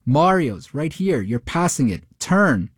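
Bossy, curt, raised pitch, pushy mother in a cab, as a man reading aloud puts her on. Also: very animated, a little slow, breathy edge, no echo, clean studio sound, full character voice. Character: pushy demanding woman passenger, a mother.

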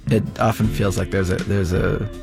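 A man's voice: low voice, fairly even intonation, moderate pace, creaky. A man giving a hesitant, confessional account, repeating himself as he searches for words. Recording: dry close recording, faint guitar.

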